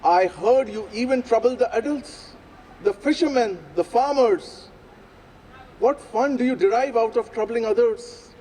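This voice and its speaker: A man doing a calm old holy man. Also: extremely high pitch, unhurried, a little hiss or hum, voice pushed up, low-quality recording. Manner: calm, gentle, instructive.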